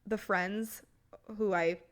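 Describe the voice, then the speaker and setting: A woman's voice: medium pitch, steady tone, slow pace. A woman hosting a podcast who gives Human Design readings, chatting with a friend and backing her up with frequent yeahs. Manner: encouraging, affirming with frequent yeahs. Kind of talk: casual chat.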